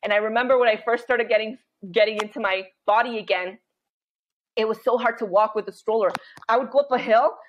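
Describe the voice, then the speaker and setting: A woman in her thirties, a podcast guest telling candid stories in an animated way, acting out her own inner voice and laughing often. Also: fairly high pitch, fairly quick, dull audio, a little hiss or hum. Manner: animated storytelling, frequent laughter and quoted inner voice.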